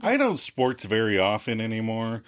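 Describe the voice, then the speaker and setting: A man's voice: fairly low pitch, sing-song, normal speed, slight background noise. A man co-hosting a podcast, speaking bluntly in a casual recap chat, laughing often and swearing. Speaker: podcast co-host.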